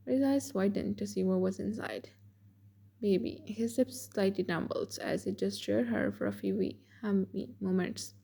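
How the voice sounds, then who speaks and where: Female narrator for a romance fan story; gravelly, mellow, husky. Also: medium pitch, normal speed, few pauses. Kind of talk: scripted fan fiction narration.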